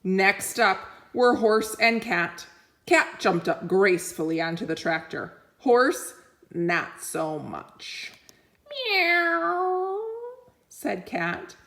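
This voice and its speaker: Slow, expressive woman reading a storybook. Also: lowish voice. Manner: expressive, voices for each animal. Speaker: reader. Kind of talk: picture book read-aloud.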